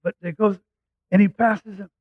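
A man preaching a sermon, retelling a scripture story in a lively, conversational way and voicing the characters' lines. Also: sits high, normal speed, no echo. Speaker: pastor. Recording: tinny phone-like dry sound.

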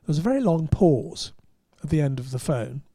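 A man, a podcast host and motoring journalist, telling an anecdote in an animated way and chuckling at his own punchlines. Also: on the high side, fairly quick, gravelly, no echo, studio quality. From England. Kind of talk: anecdotal storytelling.

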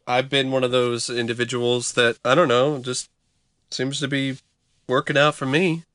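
A man's voice: medium pitch, flat delivery, moderate pace, a bit bright, dry recording. A man co-hosting a casual podcast chat, rambling and hedging with many restarts. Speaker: podcast co-host.

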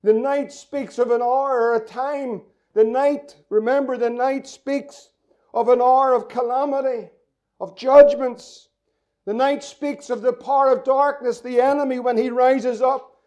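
High-voiced pastor preaching. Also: male voice, a little mellow, highs cut off. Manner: impassioned preaching with repeated rhetorical questions. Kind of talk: sermon. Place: church meeting room.

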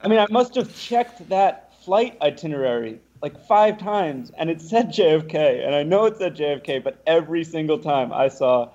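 A young man, a podcast guest, telling a lively anecdote and acting out what the other people said. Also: a little high, normal speed, hardly any pauses, muffled recording. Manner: animated, acts out the other people's lines. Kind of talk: casual storytelling.

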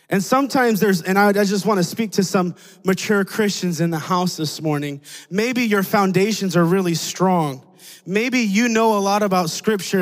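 High-voiced preacher in a reverberant hall. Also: male voice. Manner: animated, conversational, acts out voices in a story. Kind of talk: sermon with storytelling.

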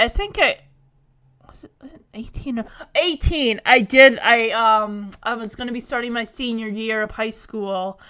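A woman's voice: a little high, sharp tone. A young woman chatting casually about a TV episode she is recapping. She talks in an emotional, rambling way with lots of fillers. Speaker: show reviewer.

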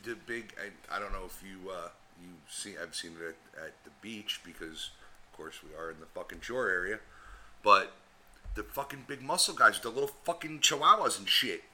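A man with a lowish but very bright, sharp voice banters with his co-host on a podcast. He is wisecracking and crude, and he keeps tossing in quick jokes. Faint background noise sits under him. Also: lively intonation, low-quality recording. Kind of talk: casual profane banter.

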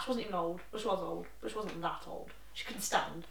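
A woman's voice: fairly low pitch, a little fast, creaky, hardly any pauses, slight background noise. A young woman co-hosting a casual podcast, telling an exasperated anecdote. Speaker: podcast co-host. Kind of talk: casual chat, storytelling. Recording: roomy, distant from mic.

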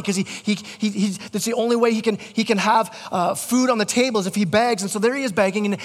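A man's voice: sits high, fairly bright tone, long reverb tail. A man preaching a sermon as pastor, casual and conversational, often restarting his words. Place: church sanctuary.

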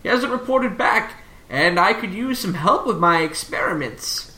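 A game master voicing an absent-minded wizard professor who rambles through explanations in a lively voice, in a roomy recording. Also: mid-range voice, normal speed. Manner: rambling, distracted scholar. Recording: roomy echo.

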